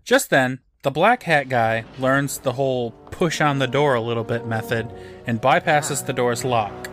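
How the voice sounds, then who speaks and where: A man co-hosting a podcast, recapping an episode in a dry, deadpan way with jokes. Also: medium pitch, a little slow, over music. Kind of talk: casual recap chat.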